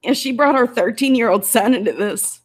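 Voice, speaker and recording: Tearful, indignant woman vlogger, fairly high voice. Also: fairly quick. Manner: emotional, indignant, close to tears. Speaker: YouTuber. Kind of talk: angry commentary vlog.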